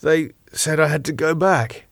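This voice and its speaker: A man voicing a groggy, indignant man who has just woken up drugged, talking in a slurred but sharp, demanding way, higher than his own voice. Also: unhurried, creaky, dry recording, studio quality.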